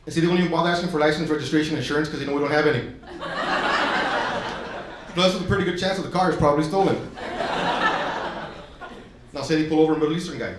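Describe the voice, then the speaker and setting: A man's voice: fairly high pitch, racing, long pauses. A man doing a stand-up comedy set in a comedy club, crude and brash, acting out characters as he goes. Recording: very echoey live club recording with room noise.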